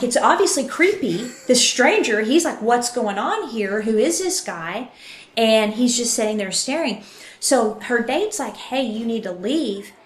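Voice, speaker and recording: A woman hosting a true crime podcast, retelling a case with lively acted-out quotes. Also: fairly high pitch, echoey room. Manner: animated, acts out quotes. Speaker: podcast host.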